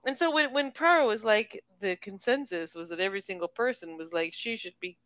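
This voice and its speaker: A woman's voice: medium pitch, brisk, fairly bright tone. A woman in casual conversation about a novel, acting out quotes in playful voices. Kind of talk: casual book discussion.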